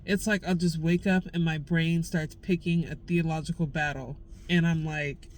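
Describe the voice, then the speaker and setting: A woman's voice: low-pitched, fairly even intonation, moderate pace, a little hiss or hum, low-quality recording. A young woman vlogging candidly, venting raw frustration in casual slang. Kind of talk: candid personal vlog.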